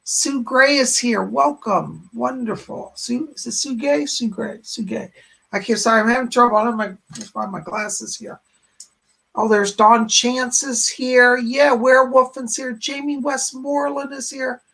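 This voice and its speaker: A man hosts a casual live stream, chatting and rambling as he greets viewers by name. His voice has a gravelly, creaky edge with a husky, slightly breathy grain. He talks loosely and warmly to the people watching. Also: very high-pitched, steady tone, normal speed. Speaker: psychic medium hosting a live stream.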